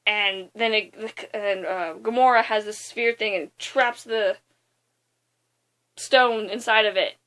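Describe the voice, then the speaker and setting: A young woman casually retelling a movie's plot in a rambling, excitable way, with lots of fillers. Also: mid-range voice, slow pace, clear, resonant tone. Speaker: movie reviewer.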